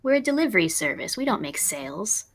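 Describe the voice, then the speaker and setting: A woman's voice: medium pitch, very animated, fast talker, voice pushed up, natural voice. A woman playing a dutiful young female courier in a tabletop game, polite and dry.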